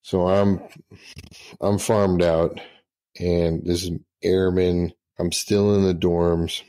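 Low-voiced man telling profane stories. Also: little pitch movement, takes it slowly, mellow. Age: middle-aged. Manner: profane, laughing anecdotes. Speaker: podcast guest, retired senior master sergeant. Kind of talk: casual storytelling.

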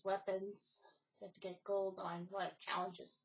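A woman's voice: mid-range voice, level tone, moderate pace, creaky, rough recording. A woman hosting her own gaming channel, talking casually in a rambling way with many fillers and restarts. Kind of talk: casual gaming video talk.

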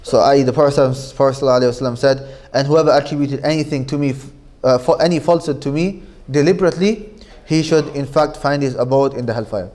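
A man's voice: medium pitch, quick pace, darkish tone. A man with a Manchester accent leads an informal lesson in a classroom. He explains at a conversational pace, repeats his points and checks in with the students as he goes. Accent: Manchester English. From Manchester, England. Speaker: teacher.

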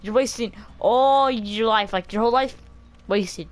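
Loud teasing woman streaming games. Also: on the high side, unhurried, rough recording. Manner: loud, crude, teasing, laughs a lot. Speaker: game streamer. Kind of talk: casual live-stream commentary.

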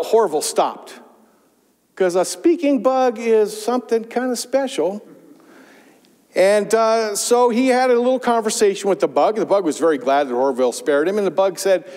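A man preaching a sermon as pastor, telling a parable with lively emphasis. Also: high voice, normal speed. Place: church sanctuary. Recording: long church reverb.

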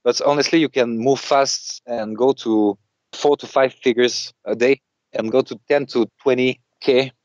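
A man's voice: medium pitch, steady tone, a little slow, a little mellow, no echo, muffled recording. A man with a French accent, a native French speaker, answering interview questions about the business he is selling, searching for his words in English. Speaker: business seller.

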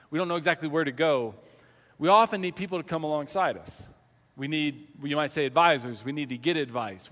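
A middle-aged man from the American South, a pastor telling a personal story in a sermon and acting out quoted shouting. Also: fairly high pitch. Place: church sanctuary. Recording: church hall reverb.

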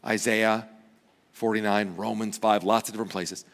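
A man in his thirties preaching a sermon as pastor, chatty and joking, with lively swings in pitch and loudness. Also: moderate pace. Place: large church auditorium. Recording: long hall reverb.

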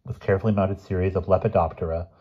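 A man reading a literary short story aloud in a measured, unhurried storytelling manner. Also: low voice, fairly even intonation, breathy edge, dull audio. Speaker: audiobook reader.

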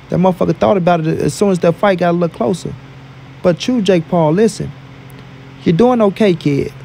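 Gravelly, high-voiced man trash-talking. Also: mellow, slight background noise. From St. Louis, USA. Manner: emphatic, repetitive, profane trash talk. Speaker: boxing vlogger. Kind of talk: casual commentary.

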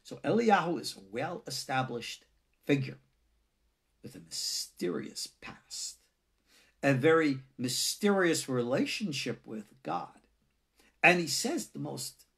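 Animated rabbi lecturing, lively pitch. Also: male voice, husky. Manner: animated, rhetorical, acts out quotes with swings in pitch. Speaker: rabbi teaching a lesson. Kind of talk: conversational religious lecture.

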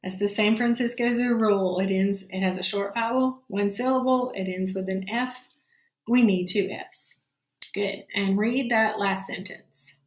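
A woman teacher walks young children through a phonics lesson at an unhurried, deliberate pace. Her voice sits mid-range, and the recording carries a noticeable roomy echo. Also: mid-range voice, steady tone. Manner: slow, patient, encouraging, frequent "all right, good job". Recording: roomy, echoey classroom-style sound.

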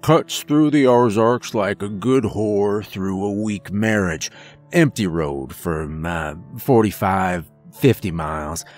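Guy putting on a low gravelly old-timer trucker, slow drawl, crude folksy talk, faint music under it. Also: a little mellow.

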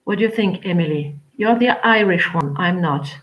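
A woman teaching an English class online, chatty and rambling, with frequent pauses as she talks to her students. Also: lowish voice, dull audio.

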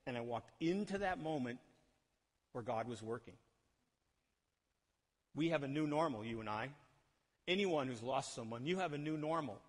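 Animated preacher man in a reverberant hall. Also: mid-range voice. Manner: animated, asks the congregation questions and acts out quotes. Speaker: pastor. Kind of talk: sermon. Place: church sanctuary.

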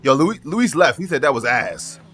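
A young man with a New York accent, casually commentating a racing game with loud, swearing outbursts and quick apologies. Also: medium pitch, big pitch swings, slight background noise. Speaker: gaming YouTuber. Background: music and car engine sounds.

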